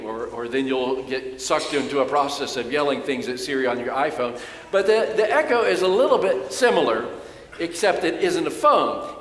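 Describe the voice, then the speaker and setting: High-voiced pastor preaching in echoey church. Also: male voice. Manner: storytelling, animated when quoting others. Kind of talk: sermon. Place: church sanctuary. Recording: echoey church hall with long reverb.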